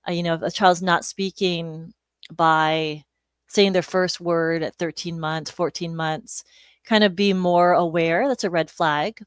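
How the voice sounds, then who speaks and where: Smooth low-voiced woman explaining calmly. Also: unhurried, no echo. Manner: calm, informative, with "you know" fillers. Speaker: speech-language pathologist guest. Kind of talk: explanatory interview talk.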